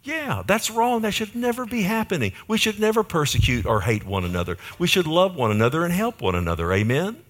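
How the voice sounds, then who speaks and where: A man's voice: high-pitched, very animated, fairly quick, hardly any pauses, a bit bright. An older man preaching a sermon, telling a folksy story and asking the congregation for an amen. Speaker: pastor.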